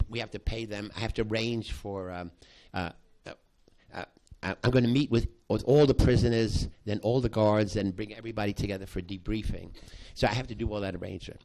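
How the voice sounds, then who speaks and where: An older man, a psychology professor, recounting a past study to an audience in halting speech full of restarts. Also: fairly low pitch, steady tone, a little mellow. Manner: halting, with many restarts, acting out quoted voices. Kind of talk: spoken storytelling to an audience.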